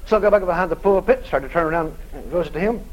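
A man preaching a sermon, telling a story in an animated way and acting out both sides of a conversation. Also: sits high, fast talker, rough recording.

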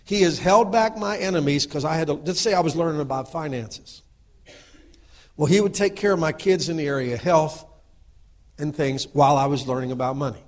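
A middle-aged man preaches with fervor, and his voice sits a little higher than most men's. He swings between murmured asides and loud, driving exhortation. He keeps checking that his listeners agree with him. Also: brisk. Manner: asks the audience for agreement. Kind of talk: sermon.

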